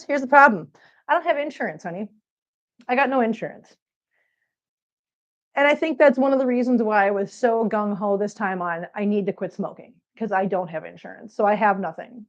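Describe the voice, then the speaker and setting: Woman cat vlogger, casual rambling chat, a bit winded, slightly dull lo-fi sound. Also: mid-range voice. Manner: chatty, rambling, answers viewers' comments. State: a bit out of breath. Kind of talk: casual livestream chat while cleaning.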